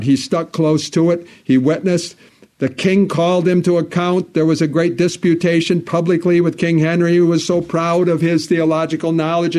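A pastor delivers an earnest church sermon in a darkish tone, his voice swelling on key phrases and sinking low and slow for solemn moments.

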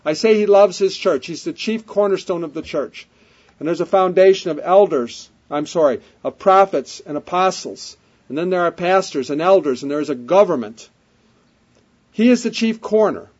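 A man preaching an emphatic sermon, repeating refrains, with his voice swelling up and dropping to a hush. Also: sits high, animated, moderate pace. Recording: dull lo-fi sermon recording.

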